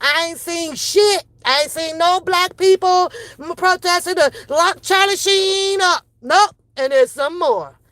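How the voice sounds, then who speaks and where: A woman's voice: very high-pitched, measured pace, few pauses, a bit bright, no echo. A middle-aged woman giving a heated, sarcastic opinion rant, full of profanity and repeated rhetorical questions. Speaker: commentary vlogger.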